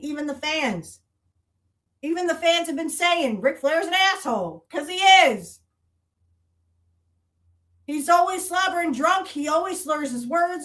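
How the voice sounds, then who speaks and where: A woman's voice: high voice, pushed and bright. A woman hosting a podcast, delivering a heated, profane, accusatory monologue full of repeated rhetorical challenges. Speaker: podcast host. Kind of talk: angry monologue rant.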